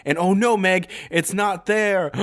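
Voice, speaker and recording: A young man co-hosts a casual chat and rambles through a story with jokes and fillers. His voice sits a bit high for a man. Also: animated, slow. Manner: rambling, jokey, many fillers. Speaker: podcast co-host.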